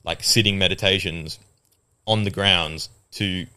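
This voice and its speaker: A man's voice: low voice, fairly even intonation, unhurried, sharp tone, smooth. A young man chatting casually on a podcast, rambling with lots of fillers and restarts.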